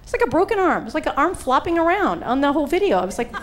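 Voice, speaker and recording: A woman's voice: high voice, fast, some chatter behind. A middle-aged woman preaching, telling stories with humor and acting out the voices in quotes. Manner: animated, acts out voices in quotes. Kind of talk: humorous sermon storytelling.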